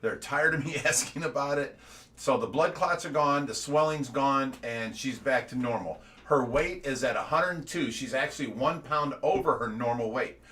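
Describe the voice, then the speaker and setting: A man's voice: medium pitch, normal speed, pushed and bright. Man, middle-aged, from the United States, casual livestream update, rambling, repeats words. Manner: rambling, repeats words, laughs between stories. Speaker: fish rescue owner giving an update.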